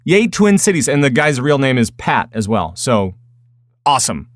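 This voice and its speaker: Minnesota guy hosting a gaming podcast, laughs a lot, dry close mic, middle pitch. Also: very animated, normal speed, dry recording. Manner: laughs often, reads listener emails aloud. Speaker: podcast host. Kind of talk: casual podcast chat.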